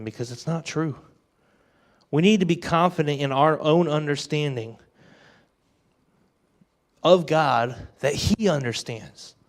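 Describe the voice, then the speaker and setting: A man in his twenties preaching an energetic youth sermon. He talks in an animated, joking way and acts out the thoughts he quotes. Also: fairly high pitch. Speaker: youth pastor.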